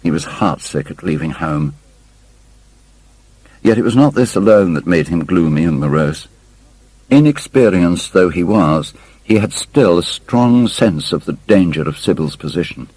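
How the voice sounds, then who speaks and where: A man reading an audiobook aloud, narrating in a measured, literary storytelling manner. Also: sits low, a little mellow, breathy edge, no room sound, poor audio. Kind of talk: scripted narration.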